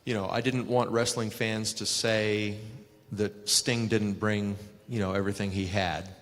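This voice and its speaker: Older man telling stories, lower voice. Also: unhurried, long reverb tail. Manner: animated anecdotes with acted-out quotes. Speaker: guest, retired wrestler. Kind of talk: storytelling at a live fan Q&A.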